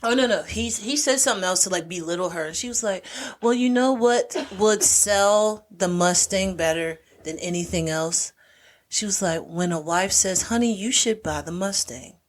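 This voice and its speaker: A woman with a mid-pitched voice recaps a film on a podcast in a casual chat. She tells the story with energy and slips into the characters' lines as she goes. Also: normal speed. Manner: animated storyteller, acts out quoted lines. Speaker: podcast co-host.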